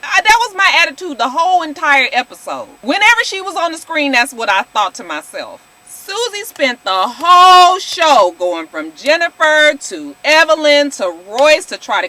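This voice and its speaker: A woman, talking high and bright with a lively pitch that swoops up and down. She recaps a reality show straight to her viewers, sassy and blunt, calling them y'all and swearing without a second thought. Her tone stays casual and opinionated throughout. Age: 40s.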